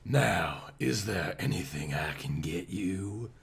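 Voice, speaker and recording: A man doing a breathy Southern nurse. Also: low-pitched, expressive, slow pace, voice pushed down, exaggerated voice. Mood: sweet, soothing. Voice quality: breathy, sweet, soft.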